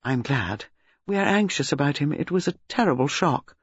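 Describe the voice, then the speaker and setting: A man voicing an anxious, apologetic middle-aged woman who speaks softly, in a dull lo-fi recording. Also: on the high side, lively intonation, normal speed, husky, dry recording. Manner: soft, apologetic.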